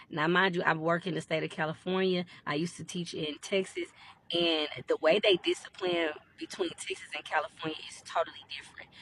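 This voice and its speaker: Ranting at the camera, a school behavior interventionist with a lowish voice gets blunt, profane, and emphatic, nearly shouting by the end. There's a little background noise.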